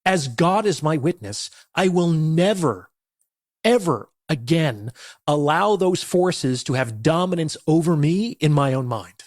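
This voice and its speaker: Guy preaching hard self-help, kinda high voice, cussing, dry close sound. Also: animated, unhurried, no room sound. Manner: forceful, declamatory, profane. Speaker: motivational speaker. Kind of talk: intense motivational monologue.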